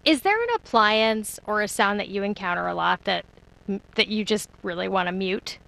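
A woman interviewing guests, asking short questions in a brisk, upbeat way. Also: mid-range voice, animated, creaky, fairly bright tone, low-quality recording.

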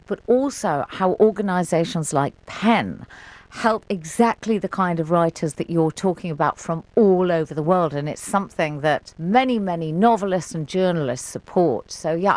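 An English woman presenting a radio arts programme, crisp and measured as she hands over between guests. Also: on the low side, a little mellow, dry recording. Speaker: radio arts show host.

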